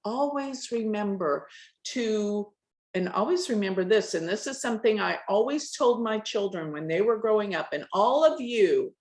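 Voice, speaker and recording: A middle-aged woman teaching an astrology class, pronouncing every word clearly with deliberate stress. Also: medium pitch, animated, darkish tone. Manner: clearly enunciated, carefully stressed words. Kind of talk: lecturing a live astrology class. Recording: echoey room.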